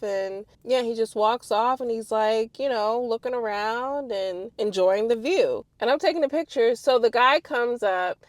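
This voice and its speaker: A woman in her thirties casually telling a personal story to her viewers, animated and swearing freely. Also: fairly high pitch, no echo.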